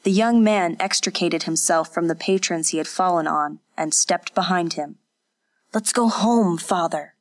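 A woman narrating an audiobook in an even, unhurried storytelling manner. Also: lowish voice. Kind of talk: scripted narration.

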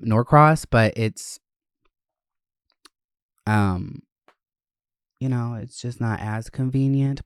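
A young adult man hosting a podcast, telling a story in a casual, animated and dramatic way with plenty of swearing. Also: medium pitch, smooth, no echo, studio quality. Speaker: podcast host.

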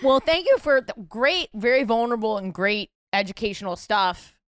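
A woman hosting a podcast in casual chat, making deadpan, sarcastic quips. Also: a little high, normal speed, no echo, studio quality. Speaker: podcast host.

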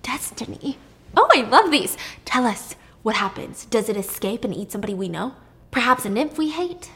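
Woman playing a scheming queen, high-pitched, loud, mocking, retold story. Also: expressive, moderate pace, heavily acted. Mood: gleeful.

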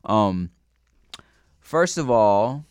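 Guy co-hosting a podcast, bouncy pitch, rambles and laughs a lot, dead dry mic. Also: animated, drawn-out words, darkish tone, clear, resonant tone, no echo. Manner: scattered, laughing, stumbling restarts. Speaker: podcast co-host. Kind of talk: casual chat.

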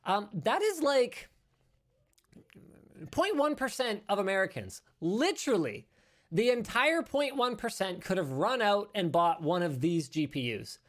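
A man's voice: high-pitched, sing-song, measured pace. A male show host talking through tech news in a casual, rambling way, correcting himself and adding joking asides.

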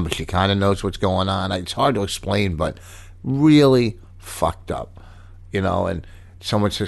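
A man's voice: fairly low pitch, creaky. A man telling a story in casual, profane banter with his wife, exasperated and acting out drunk people's lines. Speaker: storyteller in a couple's chat.

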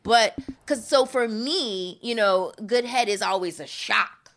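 A woman speaking frankly in a candid casual podcast chat, animated and full of restarts. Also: on the high side, takes it slowly.

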